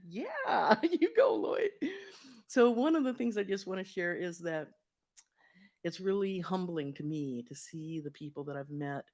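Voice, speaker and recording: A man telling a personal story to a congregation in a casual, animated way, often laughing. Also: a little high. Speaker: congregation member sharing a story.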